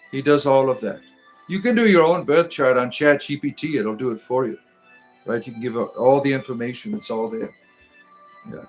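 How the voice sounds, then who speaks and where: A man with a Detroit accent hosting a livestream, reading viewer comments aloud and answering them in a deadpan, tongue-in-cheek mystic persona. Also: mid-range voice. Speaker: livestream host.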